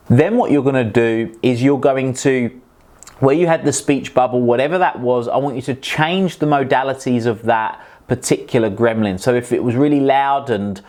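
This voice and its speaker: A man's voice: medium pitch, darkish tone. A male performance coach giving an instructional talk to camera, guiding the listener step by step with many rhetorical questions.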